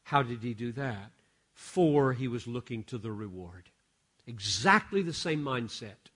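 A man preaching from a stage microphone in a large sanctuary. His voice sits at an ordinary male pitch. He moves between quiet, confiding asides and sudden loud, emphatic bursts. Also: lively intonation, a little slow, slightly rough. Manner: dynamic, swings from hushed asides to loud emphatic exclamations. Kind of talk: sermon.

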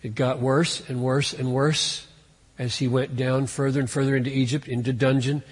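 A man preaching a sermon in an earnest way, rising in pitch and force on key points. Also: flat delivery, moderate pace, breathy edge, big-room sound. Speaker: pastor.

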